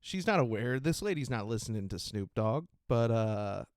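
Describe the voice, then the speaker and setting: Male podcast host, giggly and profane, smooth voice, dry studio sound. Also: mid-range voice, very animated, normal speed, no echo. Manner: giggly, profane, rambling with frequent laughter. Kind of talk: casual solo podcast chat.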